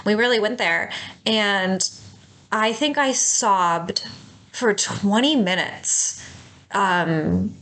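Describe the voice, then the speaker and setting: A woman's voice: mid-range voice, drawn-out words, a bit bright. Open, talkative woman podcast host. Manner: open, emotional, heavy on filler words. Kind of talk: intimate couple's podcast chat.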